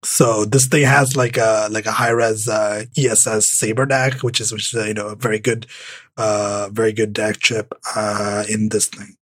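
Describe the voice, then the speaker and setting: A man's voice: on the low side, flat delivery, moderate pace, fairly bright tone, no echo. A man co-hosting a casual tech podcast, rambling with many restarts and fillers. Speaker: podcast co-host.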